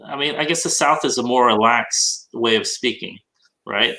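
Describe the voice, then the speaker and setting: A man hosts a casual podcast chat with a bright, forward voice. He keeps asking curious questions and riffs along easily. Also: mid-range voice, normal speed, a little hiss or hum, rough recording. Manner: curious, chatty, asks questions. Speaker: podcast host.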